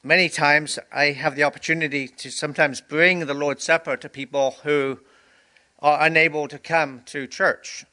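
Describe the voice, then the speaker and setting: A man's voice: on the high side, steady tone, moderate pace, pushed and bright. A male pastor giving a communion sermon, preaching earnestly with emphatic repetition, and sniffling and teary.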